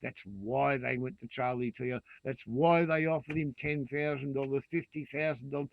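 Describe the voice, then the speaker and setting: A man's voice: medium pitch, steady tone, moderate pace, gravelly, few pauses, dry recording. A man in his sixties with an Australian accent, ranting vehemently and swearing freely in a monologue to camera. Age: 60s. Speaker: vlogger. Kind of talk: angry rant to camera. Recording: dry tinny phone-like sound.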